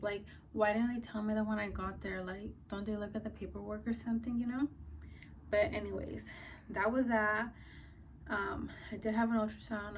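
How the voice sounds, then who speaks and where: A woman's voice: mid-range voice, a little hiss or hum. Chatty young woman with a slightly distant mic. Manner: chatty, many fillers like "like" and "um". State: a little out of breath. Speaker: vlogger. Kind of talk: casual storytime chat.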